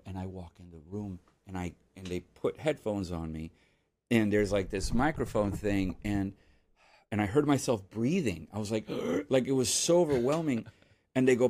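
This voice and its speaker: A man who is a guest composer on a podcast, telling a story in casual chat and acting out the people he quotes. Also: normal speed. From Miami, United States. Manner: animated, acts out quotes with sudden jumps in pitch.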